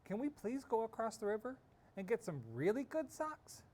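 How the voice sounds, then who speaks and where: A man voicing an eager, determined young girl in a read-aloud storybook, high and insistent. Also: very animated, normal speed, darkish tone, a little hiss or hum.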